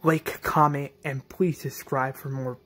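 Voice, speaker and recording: A man recaps a fan-made episode in a loose, rambling way, leaning on ums and likes and restarting his sentences. His voice is somewhat husky, pitched in the middle. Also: flat delivery, a little slow, a bit bright. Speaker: channel host recapping a fan series.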